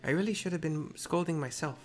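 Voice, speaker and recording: A gamer voicing an earnest young woman warrior who blames herself, in a put-on mixed accent, reading her lines measured and serious. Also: deep voice, slight background noise, voice pushed up, natural voice.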